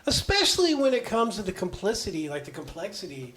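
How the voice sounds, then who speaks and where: A man's voice: sits high, wildly swooping pitch, brisk, fairly bright tone, roomy sound, recorded from a distance. A man co-hosting a podcast in casual chat, steering the conversation with questions. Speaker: podcast co-host.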